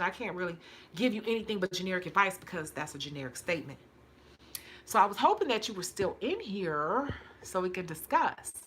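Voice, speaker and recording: A woman's voice: mid-range voice, a bit bright, slight background noise. A woman from hosting a casual livestream as a nail technician, chatty and emphatic, repeating her points and laughing often.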